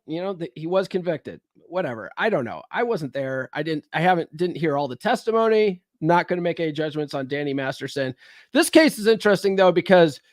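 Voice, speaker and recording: A man's voice: on the high side, no room sound, studio quality. A man hosting a casual livestream, rambling and conversational, recovering from a cold. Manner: rambling, conversational, frequent fillers and restarts. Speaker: livestream host.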